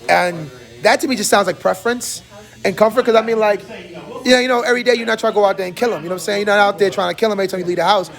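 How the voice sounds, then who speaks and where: A man with a high, gravelly voice talks loosely in a barbershop, animated and quick to mimic his friends. His delivery is casual banter with plenty of fry on the low ends of his lines. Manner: animated, laughing, mimics others. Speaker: podcast host.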